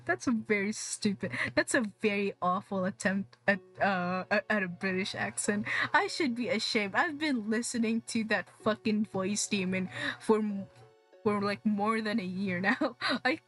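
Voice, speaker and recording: Young woman streamer, slow-talking with a higher voice, rambling and cursing, faint music underneath. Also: fairly bright tone. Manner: rambling, swears a lot, laughs often. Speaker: VTuber streamer. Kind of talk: casual stream chat.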